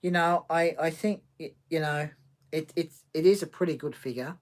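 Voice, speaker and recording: A man hosting a casual livestream, talking haltingly with many restarts and reading chat comments aloud. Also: fairly high pitch.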